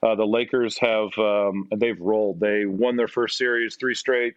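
A middle-aged man with a Canadian accent, a podcast guest telling stories in a casual, animated way. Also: unhurried, dry recording. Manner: animated, acts out quotes in a higher voice. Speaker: podcast guest, former basketball player. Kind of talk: casual storytelling. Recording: dry, slightly dull audio.

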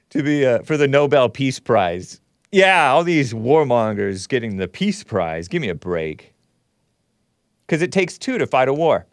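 A man's voice: mid-range voice, no echo. A man hosting a commentary show, reading a news article aloud and breaking into sarcastic, mocking asides with chuckles. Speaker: host. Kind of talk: casual commentary monologue.

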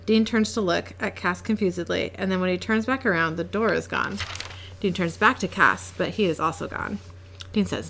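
A woman reading a drama script aloud with narration and casual banter, quick to laugh. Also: on the low side, fairly bright tone.

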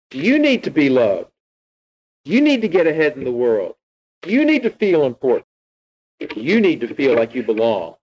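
A man's voice: on the high side, a little mellow, low-quality recording. Man preaching a sermon. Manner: teaching, retelling scripture with rhetorical questions. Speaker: pastor.

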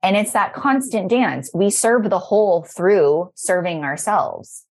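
A woman podcast host musing out loud in casual conversation, mimicking other people's remarks in playful voices. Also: mid-range voice, takes it slowly.

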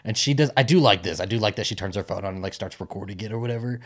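A man co-hosting a podcast, talking casually about a film, swearing freely and acting out characters. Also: rapid-fire. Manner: animated, swearing, mimics characters in high voices. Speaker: podcast co-host.

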